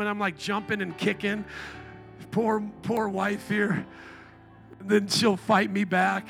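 A middle-aged pastor preaching in church, full of playful, animated storytelling. His voice sits high and sounds bright and gravelly. Soft instrumental music runs faintly beneath the sermon. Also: unhurried. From Indiana.

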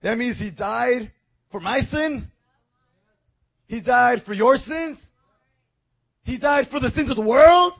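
Fervent high-voiced, gravelly male preacher. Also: normal speed, dull audio. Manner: fervent, swings from low storytelling to shouting praise. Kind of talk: evangelistic sermon.

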